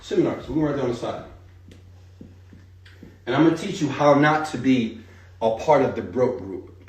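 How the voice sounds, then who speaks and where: A man teaching a live seminar, talking straight to the audience in an animated, hype-driven way. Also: medium pitch, echoey room, recorded from a distance, slight background noise. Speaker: speaker teaching an online marketing seminar.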